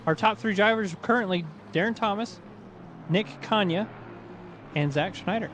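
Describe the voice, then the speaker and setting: High-voiced man calling a sim race. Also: background noise. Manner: teasing, quick, jokey asides between race calls. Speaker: sim racing commentator. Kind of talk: live race commentary with banter.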